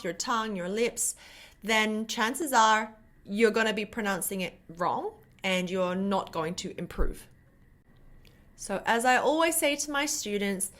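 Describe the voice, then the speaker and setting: Young woman teaching korean sounds, talks slow, repeats syllables loud and clear, bright voice. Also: mid-range voice. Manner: demonstrates sounds slowly with louder repeated syllables. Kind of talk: pronunciation lesson to camera.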